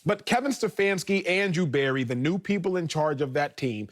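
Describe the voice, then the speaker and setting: A man's voice: fairly high pitch, lively intonation, moderate pace. A man co-hosting a sports talk show, building his argument in a playful, persuasive way. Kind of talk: sports debate.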